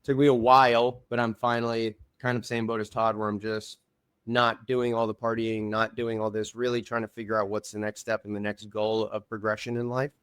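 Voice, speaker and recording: A man's voice: fairly low pitch, little pitch movement, a little fast, a bit bright, clear, resonant tone, no echo, clean studio sound. A man talking as a guest on a podcast, telling stories in an earnest, rambling way with lots of fillers. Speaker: reality show contestant and podcast guest. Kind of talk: casual chat.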